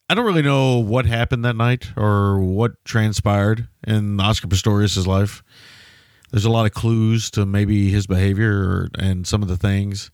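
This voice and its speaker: A man co-hosting a podcast, talking in a laid-back, measured way. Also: on the low side, darkish tone, dry recording, clean studio sound. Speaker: podcast co-host. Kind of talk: casual chat.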